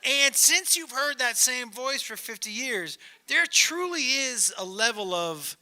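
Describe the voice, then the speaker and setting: High-voiced, animated stand-up comedian man. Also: a little slow. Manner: animated, profane, laughing through punchlines. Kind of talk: stand-up storytelling.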